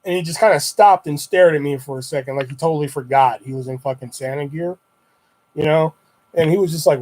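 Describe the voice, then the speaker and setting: A young adult male streamer trades stories on a casual livestream, talking fast in a darkish voice that sits a bit higher than most men's. He rambles in a loose, laid-back way and swears freely.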